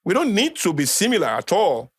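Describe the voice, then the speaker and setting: A man's voice: sits high, huge pitch swings, a little fast, breathy edge, dry recording. Emphatic Nigerian man lecturing. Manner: emphatic, repeats key phrases for weight. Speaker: podcast guest. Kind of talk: conversational lecturing. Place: podcast studio.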